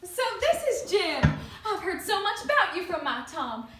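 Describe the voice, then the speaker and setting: A woman's voice: extremely high pitch, very animated, normal speed, pushed and bright, a little hiss or hum, exaggerated voice. A woman playing a fussy, genteel, faded Southern mother who chatters on at length, in an amateur stage performance. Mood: gushing. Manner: gushing, talkative. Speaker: student performer. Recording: echoey room, distant mic.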